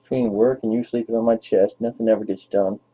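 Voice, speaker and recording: A man's voice: lowish voice, steady tone, fast, husky. A young man rambling playfully to his dog on camera in baby talk, as a vlogger. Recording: tinny phone-like lo-fi audio.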